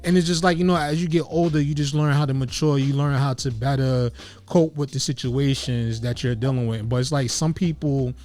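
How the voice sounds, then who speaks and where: A man's voice: medium pitch, fairly even intonation, a little fast, darkish tone. Earnest, reflective male show host. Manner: earnest and reflective, leans on "you know". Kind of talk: casual interview chat.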